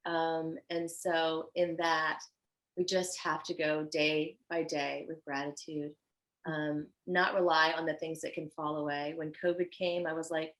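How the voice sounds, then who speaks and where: Woman designer guest, low-pitched, warm-hearted effusive storyteller in casual interview. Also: measured pace, low-quality recording. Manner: earnest and effusive, animated when telling stories.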